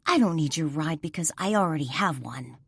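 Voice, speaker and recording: A defiant heroine with a lifted, lively voice, insistent and clipped, as a woman narrator plays her. The recording is dry and close. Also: low-pitched, fairly quick, creaky, husky, no room sound, exaggerated voice.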